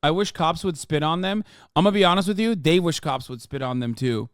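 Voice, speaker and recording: High-voiced man ranting heatedly at chat. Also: brisk, clean tone, no echo, clean studio sound. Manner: talks straight to his chat. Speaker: livestream host. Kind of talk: reacting to video for live chat.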